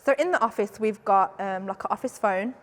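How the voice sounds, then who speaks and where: A woman's voice: medium pitch, a little fast, a little hiss or hum. Chatty woman host with a roomy echo. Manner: chatty, laughs easily. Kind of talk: casual chat.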